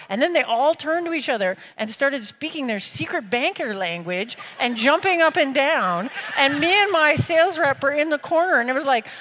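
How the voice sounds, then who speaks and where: A woman telling a business story to an audience, with a casual, lively delivery and animated voices for the people she quotes. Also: fairly high pitch, brisk. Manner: lively, animated quoting of others; casual with fillers and laughs. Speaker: speaker telling a startup story. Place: large room with an audience.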